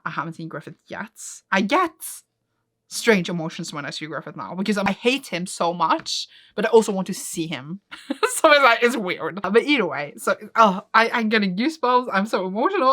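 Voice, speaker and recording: A woman casually retelling and reacting to a comic she is reading, excitable and emotional, often laughing and close to tears. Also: lowish voice. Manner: excitable, gushing, laughs often, retells scenes with quoted voices. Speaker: manga reaction vlogger.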